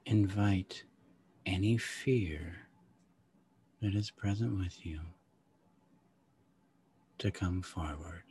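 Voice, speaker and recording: A man guiding a slow, calm meditation, soft-spoken with long pauses and some lines half whispered. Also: sits low, slight background noise. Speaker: meditation guide. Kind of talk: guided meditation.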